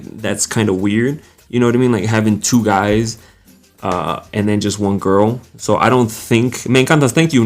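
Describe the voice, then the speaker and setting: A man's voice: medium pitch, darkish tone. Young man, live stream host, casual chat, laughs often, faint music behind. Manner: greets viewers by name, laughs often, reads comments aloud.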